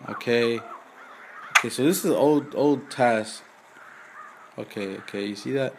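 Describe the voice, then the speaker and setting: A man's voice: medium pitch, unhurried, pauses often, noisy background. A man casually commenting on a mobile game, reading its dialogue aloud with fillers and asides. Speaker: gaming channel host.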